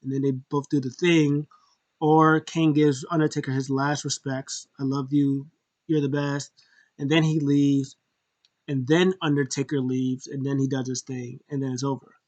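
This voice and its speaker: A man giving a casual, rambling show review, breaking into exaggerated high-pitched reaction voices. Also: level tone, moderate pace, darkish tone, dry recording, muffled recording. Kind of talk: casual recap and opinion.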